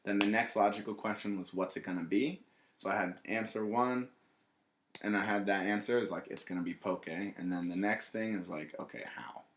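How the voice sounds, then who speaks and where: A man's voice: fairly low pitch, moderate pace. A young man in his twenties, a restaurant owner guesting on a podcast, telling rambling travel stories in casual chat, full of fillers and acted-out quotes. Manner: rambling storyteller, many fillers, acts out quotes. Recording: echoey room.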